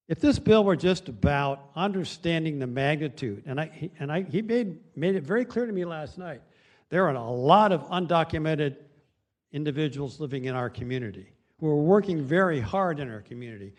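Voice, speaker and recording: Guy on city council telling a story at the mic, a bit high-pitched, folksy, keeps restarting. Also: darkish tone. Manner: folksy, anecdotal, halting with restarts. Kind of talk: council floor speech. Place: council chamber.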